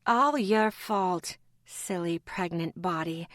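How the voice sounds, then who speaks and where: A kind pregnant healer, as a woman reads her talks gently with a teasing edge, at a middle pitch. The audiobook recording is dry and close. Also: animated, moderate pace, no room sound, natural voice. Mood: gentle teasing.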